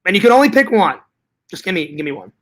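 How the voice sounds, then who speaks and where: A man's voice: sits high, sing-song, quick pace, a bit bright. A man hosting a casual livestream chat, reading viewer comments aloud and rambling, repeating himself and swearing freely.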